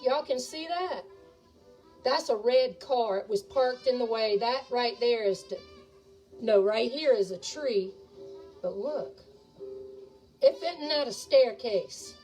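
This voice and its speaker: Folksy woman cooking, higher voice. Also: slow, pauses often, darkish tone. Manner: folksy, talks to viewers as y'all. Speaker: home cook and ghost tour guide. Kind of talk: chatty cooking video. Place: home kitchen. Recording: distant mic, music playing behind.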